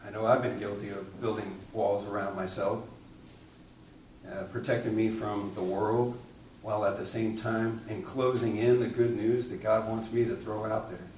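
A man's voice: fairly low pitch, flat delivery, moderate pace, a little mellow, a little hiss or hum. A man preaching a sermon, telling a story and asking the congregation questions. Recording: echoey room, distant mic.

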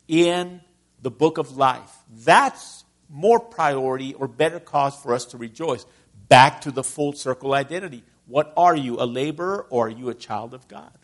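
A middle-aged man from Texas preaching a conversational sermon and asking his listeners questions. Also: fairly high pitch. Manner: conversational, asks the congregation questions.

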